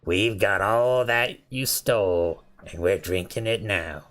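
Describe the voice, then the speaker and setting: A man's voice: fairly low pitch, slow, fairly bright tone, faint music behind. A man voicing a male goblin jailer who taunts and sneers at the prisoners. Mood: mocking.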